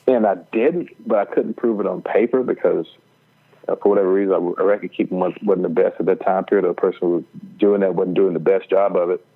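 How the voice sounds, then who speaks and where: A middle-aged man telling a personal faith story as a podcast guest, earnest and halting, with many fillers and restarts. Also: low-pitched. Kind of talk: storytelling testimony. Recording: tinny phone-like line.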